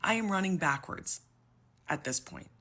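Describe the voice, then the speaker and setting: A woman's voice: fairly low pitch, animated, moderate pace, a bit bright. A woman in her twenties telling her own story, exasperated and emotional, close to tears. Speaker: public sector worker telling her story. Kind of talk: personal story video.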